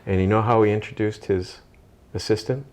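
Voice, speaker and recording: Low-ish guy hosting, tells stories all animated, does the voices. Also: brisk. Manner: animated, acts out quoted voices. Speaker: podcast host. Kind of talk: casual storytelling chat.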